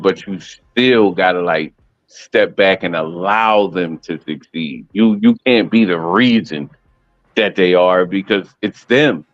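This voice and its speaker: A man's voice: on the low side, no room sound. A man speaks as a guest in a casual video-call chat, telling his story openly and often restarting mid-sentence. The audio is slightly dull and muffled, and it sounds dry and close. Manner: candid, storytelling, many restarts.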